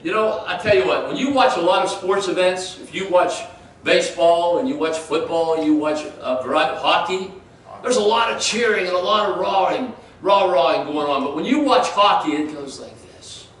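A man's voice: high voice, normal speed, fairly bright tone, slight background noise. A male pastor preaching a sermon, talking in a conversational way and questioning the congregation. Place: church sanctuary. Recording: echoey church room from far off.

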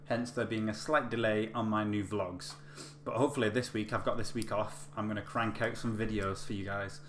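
A man with a lowish voice tells a personal story in a loose, rambling way, full of ums and self-corrections. He is recorded in an echoey room with a faint hum behind him. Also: fairly even intonation, a little fast. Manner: chatty, rambling with many fillers and restarts. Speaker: vlogger. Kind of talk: casual storytelling.

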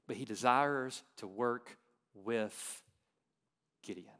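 A male pastor with a medium-pitched voice and a light Texan accent preaches a sermon in church. He swings from loud, emphatic questions down to quiet, drawn-out endings.

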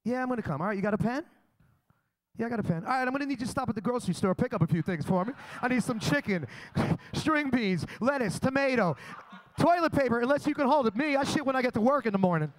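A young man, his voice pitched unusually high, working a comedy club crowd. He tells crude, boastful stories in a brash, swaggering way. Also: lively intonation, fast. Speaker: stand-up comedian. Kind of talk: live stand-up comedy set.

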